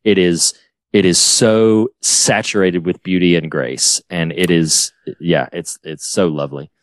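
A man's voice: low voice, fairly even intonation, measured pace, no room sound. A man hosting a casual film discussion, speaking earnestly and effusively, rambling as he describes how moved he was. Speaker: podcast host.

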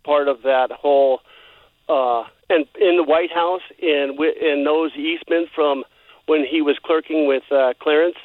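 A man from Oregon calling in to a radio show, speaking in a hesitant, halting way with frequent chuckles. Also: on the high side, fairly even intonation, no echo. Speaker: caller. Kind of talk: phone-in conversation. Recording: tinny phone line.

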